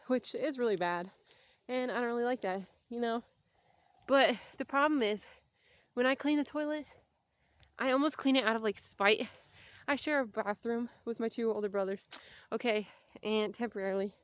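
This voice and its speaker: A woman's voice: a little high, no room sound. A young woman vlogging casually while out walking, chatty and rambling, and out of breath. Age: young adult. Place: outdoors on a walk.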